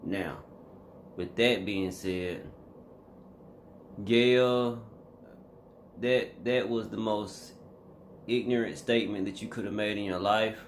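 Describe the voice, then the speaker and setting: A man with a fairly low voice gives a casual reaction commentary straight to his viewers. He talks in an emphatic, slangy way, with a faint hiss of noise under his voice. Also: fairly even intonation, takes it slowly, pauses often. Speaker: vlogger.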